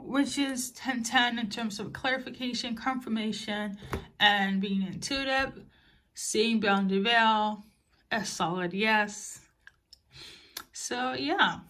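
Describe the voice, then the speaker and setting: Woman giving a gentle oracle card reading. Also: fairly high pitch, a little hiss or hum. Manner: soft, musing, with fillers and gentle reassurances. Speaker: tarot card reader. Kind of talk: casual spoken oracle reading.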